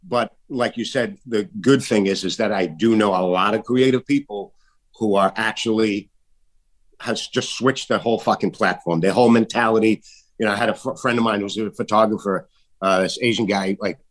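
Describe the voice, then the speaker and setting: A man, an artist guest talking in a casual, emphatic way, swearing often and jumping his voice high when he mimics others. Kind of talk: casual political chat.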